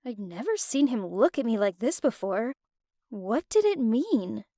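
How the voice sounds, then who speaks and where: A woman narrating an animated first-person story in an emotive, expressive way. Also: a little high, a little slow, no echo, studio quality. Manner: emotive, with wide swings of expression.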